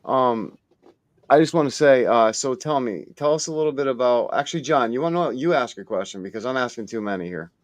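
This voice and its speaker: A man's voice: mid-range voice, expressive, fairly quick, no room sound. A man co-hosting a podcast in casual chat, speaking with enthusiasm and emphatic praise. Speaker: podcast co-host.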